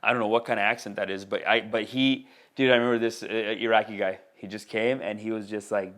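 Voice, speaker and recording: A man's voice: mid-range voice, animated, a little fast. Rambling, slangy male comedian. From India. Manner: rambling, slangy, full of bro and dude. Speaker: stand-up comedian and podcast host. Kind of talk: casual comedic monologue.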